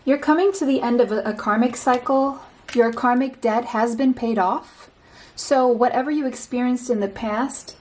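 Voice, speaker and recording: A woman giving a pick-a-card tarot reading, speaking straight to the listener in a slow, reassuring way and often repeating a phrase. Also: on the high side, darkish tone, low-quality recording.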